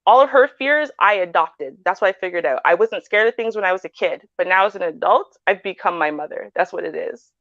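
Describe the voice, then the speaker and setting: A woman with a Canadian accent talks on a casual panel, telling stories animatedly and checking in with "right?". Her voice sits at a middle pitch. The sound is dry and a bit dull, like a lo-fi stream. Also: brisk, few pauses, no echo. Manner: animated storytelling with frequent "right?".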